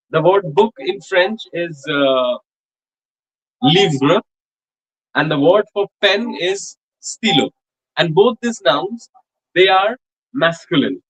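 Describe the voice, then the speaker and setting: A man teaching a French grammar lesson in a college classroom, explaining slowly with many fillers and repeated examples. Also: sits high, poor audio. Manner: repetitive, many fillers and restarts, slow spelled-out examples. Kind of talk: classroom lecture.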